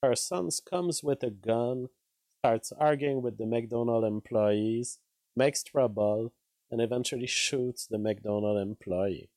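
A man's voice: mid-range voice, slow, darkish tone, dry recording. A man hosting a casual news commentary show, wry and given to laughing at his own remarks. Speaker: host.

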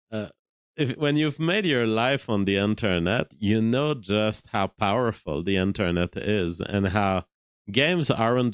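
A man from Quebec, a native French speaker with a Quebec French accent, hosting a live stream and thinking aloud in a measured way with frequent restarts. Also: lowish voice, smooth, dry recording. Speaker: livestream host. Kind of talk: live-stream commentary, reading super chats.

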